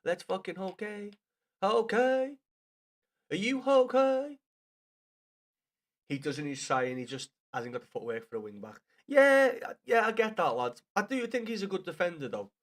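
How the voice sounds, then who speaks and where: A man's voice: fairly high pitch, sing-song, brisk, hardly any pauses, fairly bright tone. A man chatting casually to viewers on a live game stream, swearing freely and calling everyone lad.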